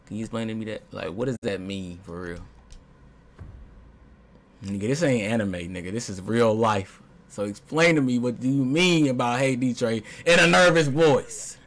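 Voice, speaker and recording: A young man streaming a video game, commenting casually, swinging from low muttering to loud yelps. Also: normal speed. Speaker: gaming streamer.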